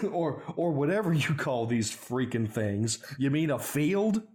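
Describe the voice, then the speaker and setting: A man's voice: mid-range voice, animated, unhurried, darkish tone. A young man casually recapping a bad movie with sarcastic, swearing commentary. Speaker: podcast host recapping a movie. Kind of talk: casual chat.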